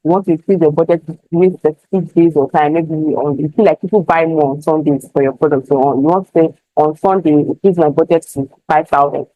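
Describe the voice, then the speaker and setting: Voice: mid-range voice, steady tone, fairly quick, hardly any pauses, dry recording, narrow, tinny audio. A speaker walking through an online ad setup step by step, often checking that the listener follows. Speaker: online marketing tutor. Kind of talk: screen-share tutorial.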